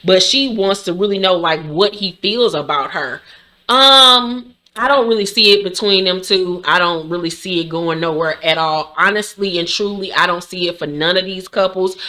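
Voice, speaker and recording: Sassy, blunt woman recapping reality TV. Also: normal speed. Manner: sassy, blunt and animated, with sudden high-pitched outbursts. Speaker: commentary host recapping a reality show. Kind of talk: casual, profane recap commentary.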